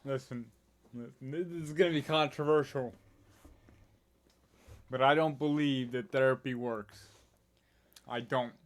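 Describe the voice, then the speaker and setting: A man's voice: mid-range voice, steady tone, measured pace, long pauses, a little hiss or hum. An American man co-hosting a music reaction video, chatting casually with wry, sarcastic asides. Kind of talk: casual chat.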